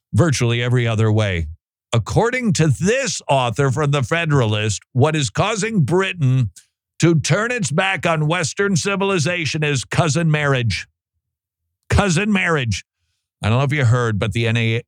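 A man's voice: mid-range voice, no echo. A man hosting a talk show, giving sarcastic, mocking commentary with laughing asides. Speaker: host.

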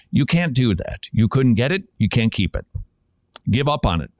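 A man's voice: mid-range voice, no room sound. A man, preaching to the listener on a podcast and pressing the point with rhetorical questions. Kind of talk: preaching-style podcast talk.

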